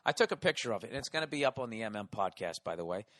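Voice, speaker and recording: A hoarse man hosting a podcast, delivering a profane, exasperated comedic rant. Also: fairly low pitch, very animated, rapid-fire, fairly bright tone, no room sound, studio quality. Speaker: podcast host.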